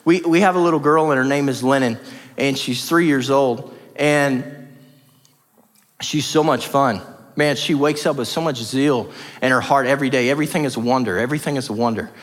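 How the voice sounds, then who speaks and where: A man's voice: medium pitch, steady tone, moderate pace. A man preaching a sermon as pastor, passionate and emphatic, with lots of repetition. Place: church hall. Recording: reverberant church hall.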